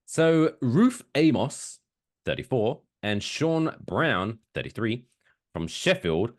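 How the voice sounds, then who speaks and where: A medium-pitched male voice with a darkish tone belongs to a casual podcast co-host. He's sarcastic and foul-mouthed, riffs on the news, and slips into silly voices.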